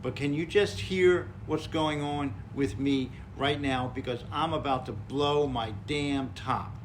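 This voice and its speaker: Gentle mild-mannered man, noisy recording. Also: mid-range voice, measured pace. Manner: gentle, calm and mild even when voicing anger. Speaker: podcast co-host. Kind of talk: casual conversation, practicing honest communication.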